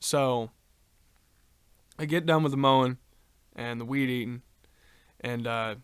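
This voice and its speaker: A man's voice: mid-range voice, measured pace, clear, resonant tone, no echo. A man co-hosting a casual podcast, telling a long story with lots of ums and uhs and casual swearing. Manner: rambling, many ums and uhs, swears freely. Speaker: podcast co-host.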